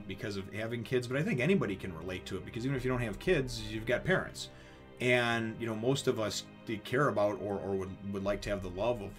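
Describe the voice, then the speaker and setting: A man giving a rambling, emotional comic review, full of fillers and restarts. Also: fairly low pitch. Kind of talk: casual spoken review.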